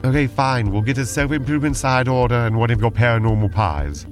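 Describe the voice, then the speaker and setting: A man's voice: medium pitch, a little fast, faint music behind. A man co-hosting a podcast, dry and exasperated in playful banter. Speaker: podcast co-host. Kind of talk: playful role-play banter.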